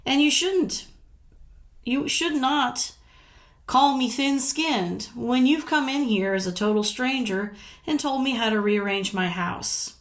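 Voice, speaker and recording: A middle-aged woman from the US speaks straight to her camera in a fairly high voice. She is blunt and indignant, swears freely and breaks into short laughs between points. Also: slow. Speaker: vlogger. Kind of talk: casual talk to camera.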